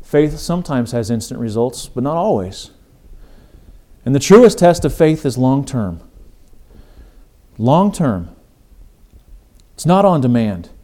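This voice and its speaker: A man's voice: mid-range voice, big pitch swings, slow, pauses often, mellow. A middle-aged man hosting a faith podcast, delivering an earnest, emphatic sermon-style talk. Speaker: podcast host.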